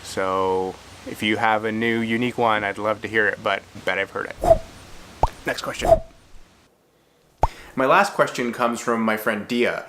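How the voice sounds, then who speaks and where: A man's voice: fairly low pitch, expressive, measured pace, long pauses, noisy background. A man in his thirties, originally from Czechoslovakia, answering viewer questions in a casual vlog, thoughtful and a little self-deprecating with frequent fillers and restarts.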